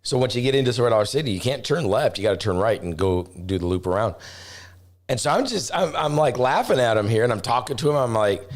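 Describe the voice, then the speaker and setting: With a mid-range voice and quick pace, this middle-aged travel vlogger spins a casual, rambling story full of restarts, growing animated as he imitates characters.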